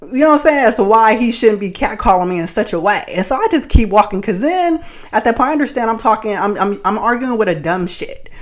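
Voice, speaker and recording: Woman, podcast host, from the Bay Area, casual storytelling, blunt, profane, animated, laughs often. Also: medium pitch. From San Francisco Bay Area.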